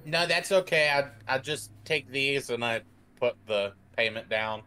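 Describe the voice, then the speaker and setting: A man playing a tabletop game, talking in a low-key, casual way. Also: a little slow, bright, forceful tone, clear, resonant tone. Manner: laid-back, low-key. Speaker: player. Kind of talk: casual in-character play.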